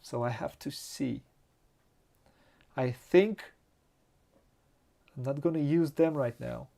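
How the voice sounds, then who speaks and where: A man with a Romanian accent, a non-native English speaker, hosting a board game playthrough and thinking aloud slowly and hesitantly, with frequent laughs. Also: medium pitch, creaky, mellow. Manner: slow, hesitant, muttering to himself, laughs often. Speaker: board game channel host.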